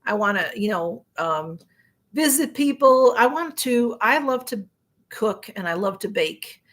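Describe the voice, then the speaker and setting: A middle-aged woman with a Chicago accent hosts a live stream in a casual, rambling chat, reading out viewer comments, her voice going a little hoarse. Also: medium pitch, animated, a little slow. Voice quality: rambling, chatty, with frequent fillers and restarts. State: voice getting hoarse.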